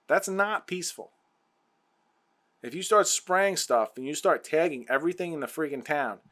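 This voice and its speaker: Heated ranting man, high voice. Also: pushed and bright. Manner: heated, exasperated, repetitive ranting. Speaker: podcast host. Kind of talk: political rant.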